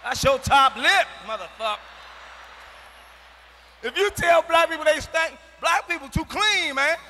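A man doing a stand-up routine on a large arena stage, loud, profane and emphatic, with bursts of shouting. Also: very high voice, lively intonation, a little slow, big-room sound. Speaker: stand-up comedian.

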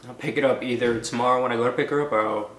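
A young man talking to camera in a casual vlog, tearful and soft-spoken. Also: mid-range voice, fairly even intonation, very fast, reverberant, a little hiss or hum. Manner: soft, reassuring, emotional. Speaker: vlogger.

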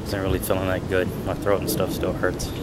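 A young man vlogging while sick, his voice almost gone, talking in a low-key, rambling way with fillers. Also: completely flat delivery, a little fast, very noisy. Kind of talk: casual vlog chat.

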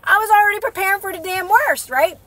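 Bright high-voiced woman coaching live. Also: fast. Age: adult with a child. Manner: earnest, repetitive, coaching with frequent "right?". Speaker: manifestation coach. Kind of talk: casual live-stream talk. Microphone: phone.

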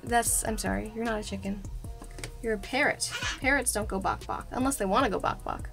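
Bright-voiced excitable woman vlogger. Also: medium pitch, a little fast, soft background music. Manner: playful, excitable, jokey. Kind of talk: casual crafting vlog.

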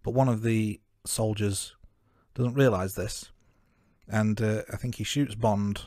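A man co-hosting a film review podcast, talking through his notes in a measured, casual way. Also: fairly low pitch, fairly even intonation, a little mellow, dry recording, clean studio sound. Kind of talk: casual chat.

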